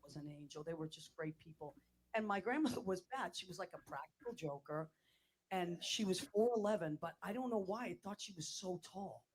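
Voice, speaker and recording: An older woman hosting a show, telling stories in an animated, chatty way with quick asides and restarts. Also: lowish voice, breathy edge. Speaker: host. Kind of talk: casual storytelling chat.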